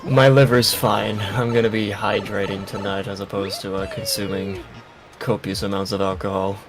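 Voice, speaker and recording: An Irish man with a lowish voice trading jokes on a game stream. He talks in a quick, wisecracking way and swears freely, with loud game music behind him. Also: little pitch movement, poor audio. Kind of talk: casual chat while streaming a game.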